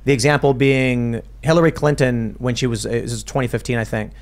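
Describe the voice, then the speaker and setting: A man's voice: medium pitch, brisk. A man hosting a political talk show, talking in a casual, rambling way with many restarts. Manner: animated, rambling with restarts, mimics accents. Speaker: podcast host.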